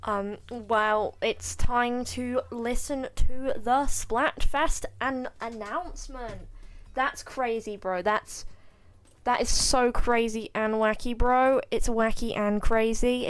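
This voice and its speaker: A woman's voice: a little high, steady tone, slow, smooth. A woman casually commenting over gameplay, rambling and joking with mock boasts and internet slang aimed at her chat. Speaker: gaming video host.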